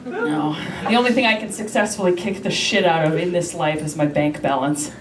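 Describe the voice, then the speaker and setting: A woman's voice: fairly low pitch, fairly quick, a crowd in the background. A brash, self-mocking woman from Canada, performing a stand-up set on a comedy club stage and swearing freely. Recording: echoey room from far off, loud noise.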